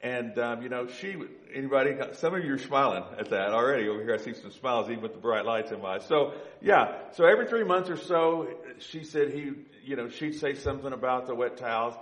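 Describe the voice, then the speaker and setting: A man's voice: medium pitch, fairly quick, hardly any pauses, reverberant, rough recording. A man giving a conversational sermon to his congregation in a church, telling stories and speaking straight to the people in the pews. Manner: conversational, animated when joking. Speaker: pastor. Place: church sanctuary with stage lights.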